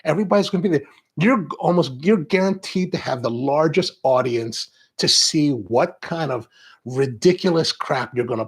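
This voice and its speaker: A man hosting a coffee show, chatting with viewers and telling animated stories. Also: mid-range voice, husky. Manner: animated storytelling, acts out quoted exchanges. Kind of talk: live-stream chat with viewers.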